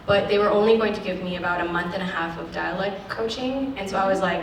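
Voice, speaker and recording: An actress speaking frankly at a lecture, acting out the people she quotes in an animated way. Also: mid-range voice, quick pace, hardly any pauses, a little hiss or hum. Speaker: actress giving a guest lecture. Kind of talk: candid talk at a lecture Q&A. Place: lecture hall. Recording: echoey hall, distant mic.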